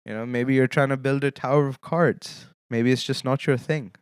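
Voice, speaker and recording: A man's voice: mid-range voice, steady tone, moderate pace, clean tone, no echo, studio quality. A young man hosting his own solo podcast, talking casually with lame jokes and checking in with his listeners as he goes. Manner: casual, joking, often checks in with "okay?". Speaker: podcast host.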